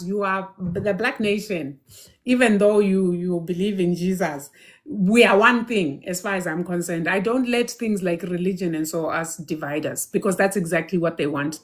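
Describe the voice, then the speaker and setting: A woman hosting a live question and answer stream on spirituality. She talks in a lively way, laughs often, calls viewers by name and answers their questions emphatically. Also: fairly low pitch. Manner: reads questions aloud and answers them emphatically.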